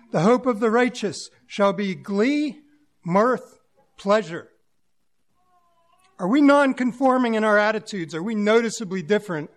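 A man preaching a sermon to his congregation, musing aloud in a plain-spoken way and using homely examples. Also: high voice.

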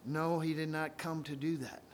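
A man preaching a sermon, retelling scripture stories and swinging from quiet asides to loud, ringing proclamations. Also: on the high side, little pitch movement, moderate pace, a little hiss or hum.

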